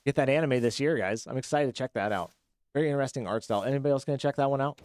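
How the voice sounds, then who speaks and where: A man streaming a game live, chatting with viewers and reacting excitedly as he plays. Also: medium pitch, very fast. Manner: chatty, reads chat, excitable. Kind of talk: live gameplay commentary.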